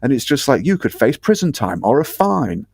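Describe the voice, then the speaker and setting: A man's voice: medium pitch, big pitch swings, normal speed, creaky, darkish tone, breathy edge, no echo, clean studio sound. A man from the north of England with a Northern English accent, a guest ranting bluntly and swearing freely in casual podcast chat.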